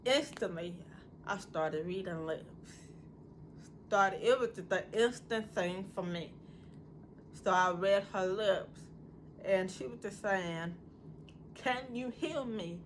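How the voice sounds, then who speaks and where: A woman vlogger telling a personal story in a casual, animated, conversational way. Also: lowish voice, a little hiss or hum. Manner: animated, conversational storytelling with many "you know"s.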